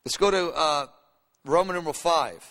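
Pastor guy preaching, high bright voice, long hall echo, acts out the bible people. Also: moderate pace. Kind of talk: sermon.

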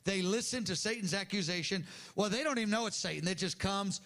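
A man's voice: high-pitched, brisk, fairly bright tone. An older man preaching an earnest sermon to a congregation, acting out voices in the prayers he quotes. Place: church hall with audience.

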